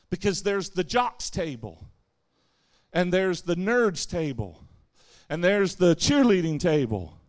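Preaching to youth at a camp, this camp speaker's voice sits high. He delivers the sermon with energy, performing the voices of those he quotes and supplying answers to his own questions.

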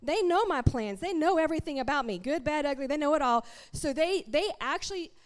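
Animated woman preaching. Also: high voice, fairly quick. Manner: animated, conversational, addresses the congregation directly. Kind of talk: sermon.

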